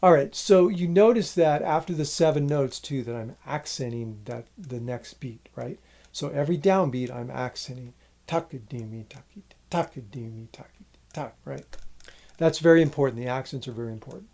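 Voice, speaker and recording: Mellow-voiced man teaching rhythm. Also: mid-range voice, normal speed, vocal fry. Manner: counts rhythm syllables aloud, patient explaining. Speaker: music teacher. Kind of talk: instructional music lesson.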